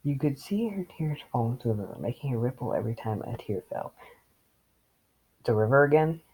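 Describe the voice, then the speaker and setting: Gravelly man reading with sarcastic asides. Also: mid-range voice, animated, brisk, a little mellow, rough recording. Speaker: reader. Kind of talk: reading fan fiction with commentary.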